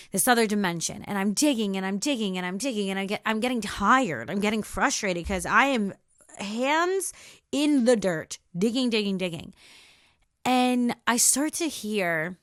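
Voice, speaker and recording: A woman hosts a podcast and tells a personal story with deep emotion. She repeats her phrases and draws them out slowly for emphasis. The recording is dry, with no room sound. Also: fairly bright tone, dry recording. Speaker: podcast host.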